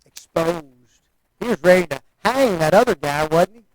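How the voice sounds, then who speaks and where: A man's voice: high voice, lively intonation, moderate pace, poor audio. A man preaching a sermon in a folksy, conversational way, often asking the listeners rhetorical questions.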